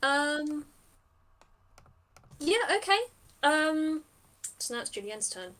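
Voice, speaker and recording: A woman's voice: high voice, animated, slow pace, a bit bright. Chatty woman running a game. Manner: chatty, thinks aloud, many fillers. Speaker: game master. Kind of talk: narrating a tabletop game.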